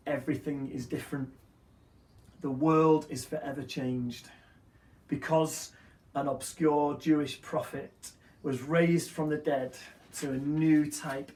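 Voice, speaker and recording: A man's voice: a little high, a little mellow, roomy sound, far from the mic. A man preaching an Easter sermon with earnest, rhythmic repeated phrases. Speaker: pastor.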